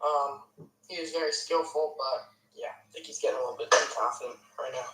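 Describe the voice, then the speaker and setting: A man's voice: mid-range voice, fairly even intonation, brisk, recorded from a distance, very noisy. A young man co-hosting a sports podcast, chatting loosely with many likes and sos. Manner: loose, filler-heavy, agreeable. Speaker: podcast co-host. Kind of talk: casual sports talk. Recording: echoey, off-mic.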